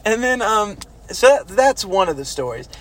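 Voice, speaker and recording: A man casually telling stories from basic training, animated and swearing, now and then shouting out quoted orders. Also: high voice, moderate pace, a little hiss or hum. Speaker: former army recruit telling stories. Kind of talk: casual storytelling chat.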